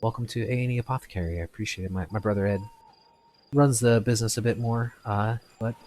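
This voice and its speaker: Man doing flustered shopkeeper, stammering, apologetic, low voice, tabletop game. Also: fast talker, a little mellow, a little hiss or hum, lightly acted. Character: flustered human male shopkeeper, polite.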